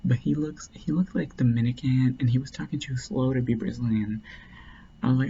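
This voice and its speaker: A man's voice: medium pitch, a little fast, creaky, dark tone, lo-fi sound, slight background noise. A man casually telling a long, rambling story, full of "like" and restarts. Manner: rambling, heavy use of "like".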